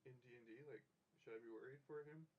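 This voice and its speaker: A man's voice: medium pitch, fast talker, darkish tone, poor audio. A man playing in a tabletop game over online voice chat, wryly arguing game mechanics. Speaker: player.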